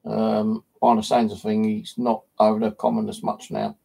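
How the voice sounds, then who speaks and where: Gravelly, husky British man live-streaming. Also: lowish voice, completely flat delivery, normal speed, warm tone. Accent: British English. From United Kingdom. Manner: blunt and sweary, scolding. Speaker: paranormal vlogger. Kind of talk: casual live-stream chat. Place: home flat.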